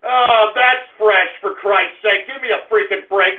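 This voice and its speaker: A man hosting a radio comedy bit, cursing and shouting in exasperated rants. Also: high voice, a little slow. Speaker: radio show host. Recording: tinny phone-like sound with music under it.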